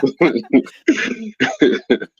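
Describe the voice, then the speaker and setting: A young man with a London accent, a guest creator chatting casually in an interview, relaxed and full of fillers, laughing often. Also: on the high side, extremely slow, lo-fi sound, a crowd in the background. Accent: London English. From London, England.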